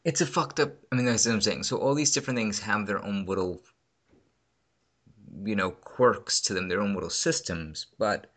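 Bright-toned profane man in rambling chat. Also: on the low side, moderate pace. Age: adult, married. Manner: profane, rambling, animated storytelling. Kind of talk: casual conversation.

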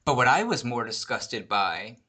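A man casually telling a long, profane story, animated and acting out the people in it. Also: medium pitch, measured pace, breathy edge. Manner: animated, swears a lot, acts out quoted people.

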